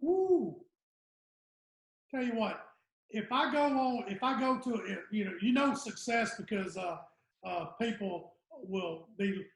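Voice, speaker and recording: His voice is high, gravelly, and fairly bright. He's a Southern U.S. comedian in his 60s appearing as a podcast guest, chatting casually through rambling stories that trail off, in a room with noticeable echo.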